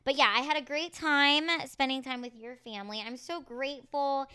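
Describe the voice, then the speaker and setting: A woman's voice: high voice, fairly even intonation, normal speed, bright, forceful tone. A woman co-hosting a casual comedy chat show, bubbly and giggly. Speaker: co-host. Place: Los Angeles home.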